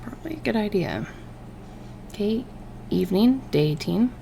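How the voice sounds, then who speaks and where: A chatty woman streamer thinking out loud as she plays, her voice lively and bouncing in pitch. A gravelly fry runs through her talk, and a faint hiss sits under the recording. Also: normal speed. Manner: chatty, playful, thinking aloud. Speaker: gaming streamer. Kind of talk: game playthrough, reading dialogue aloud.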